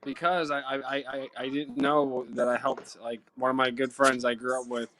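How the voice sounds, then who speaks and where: Bright-voiced rambling man from the South. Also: medium pitch, flat delivery, moderate pace, a little hiss or hum. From USA. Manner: rambling storyteller, swears freely. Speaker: guest. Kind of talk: casual chat.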